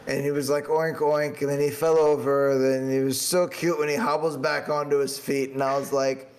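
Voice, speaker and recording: Gravelly laid-back podcast co-host. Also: male voice, medium pitch, little pitch movement, brisk. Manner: hesitant, searching for words, laid-back. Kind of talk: casual chat.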